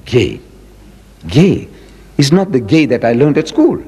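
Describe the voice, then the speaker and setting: A man's voice: fairly high pitch, very animated, dark tone, husky. Emphatic man in his seventies, echoing hall. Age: 70s. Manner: emphatic, repeats key words, drawls quotations slowly. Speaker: religious lecturer. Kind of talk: public lecture.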